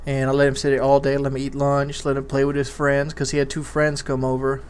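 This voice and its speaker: A man's voice: mid-range voice, completely flat delivery, brisk, a little mellow, clear, resonant tone. A man doing a casual, rambling commentary, telling a candid parenting story with many restarts. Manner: rambling, repeats words and restarts. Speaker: YouTube commentator.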